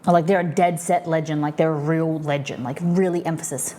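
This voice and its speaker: A woman's voice: deep voice, steady tone, a little fast, mellow, slight background noise. An Australian woman hosting a livestream, chatting casually and rambling as she explains slang to her viewers. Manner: chatty and rambling, lots of "like" fillers. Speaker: livestream host.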